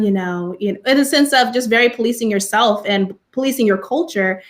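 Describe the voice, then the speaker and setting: A woman's voice: a little high, fairly quick. A young adult woman from California, a teacher, speaking on a panel and sharing personal experiences earnestly and passionately, often saying "you know".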